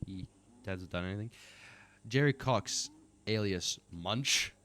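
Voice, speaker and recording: Low-voiced man swearing through a game. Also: takes it slowly, fairly bright tone. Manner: loose and profane, with stumbles and offhand asides. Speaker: gamer playing an interrogation game. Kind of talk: casual gaming commentary, reading on-screen text aloud.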